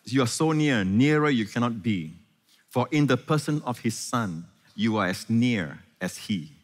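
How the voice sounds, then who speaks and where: A man's voice: medium pitch, lively intonation. Man preaching in an echoey hall. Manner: engaging, quizzes the congregation with quick questions. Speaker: pastor. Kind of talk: sermon. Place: large church hall before a congregation.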